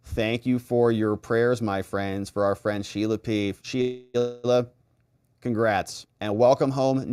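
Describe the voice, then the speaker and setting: A middle-aged man from the United States hosting a live political stream, chatting casually and reading viewer comments aloud in an animated way. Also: medium pitch, clean tone, no echo, clean studio sound. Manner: animated, chatty, acts out little exchanges.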